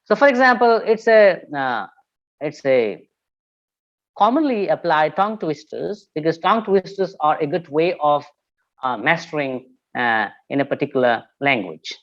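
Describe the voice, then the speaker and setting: A man giving a spoken English pronunciation lesson, explaining carefully with many pauses and fillers. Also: on the high side, lively intonation. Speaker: teacher. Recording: slightly dull lo-fi recording.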